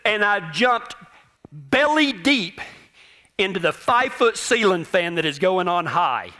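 A man with a fairly high voice spins a humorous personal anecdote. His delivery is animated and self-deprecating, with a folksy storyteller's ease. His tone rings bright and forward. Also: unhurried.

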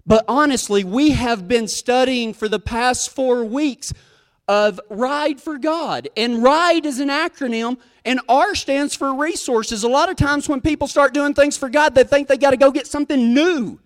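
A man's voice: very high-pitched, unhurried, fairly bright tone. A man preaching a storytelling sermon as a cowboy preacher, folksy. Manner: folksy, drawling storyteller who acts out quoted voices.

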